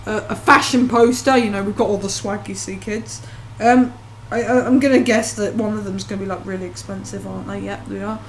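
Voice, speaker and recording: A woman's voice: mid-range voice, a little hiss or hum. A woman with a rambling, self-mocking, jokey manner, giving casual commentary while playing a life-sim game. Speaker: let's play host. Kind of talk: gameplay commentary.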